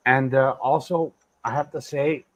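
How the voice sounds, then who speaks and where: A man chatting casually on a livestream, pausing often with ums and uhs as he talks. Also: mid-range voice, steady tone, no room sound. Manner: hesitant, full of ums and uhs. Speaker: guest on stream. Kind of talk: casual chat.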